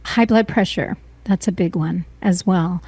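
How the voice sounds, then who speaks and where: A middle-aged woman as an interview guest, speaking earnestly and emotionally, often pausing and restarting her sentences. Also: fairly low pitch, a little mellow, slightly rough, no echo. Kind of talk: personal interview.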